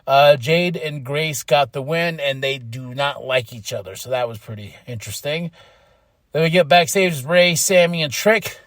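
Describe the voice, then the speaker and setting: A man hosting a podcast, giving a casual, rambling recap of a show with frequent laughs and excited bursts. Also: a little high, normal speed, no room sound, clean studio sound. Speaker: podcast host.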